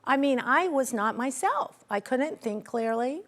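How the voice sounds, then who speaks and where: A middle-aged woman guest in a conversational interview, talking expressively and acting out quoted dialogue. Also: measured pace. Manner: expressive, acts out quoted dialogue with pitch jumps. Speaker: interview guest, menopause advocate.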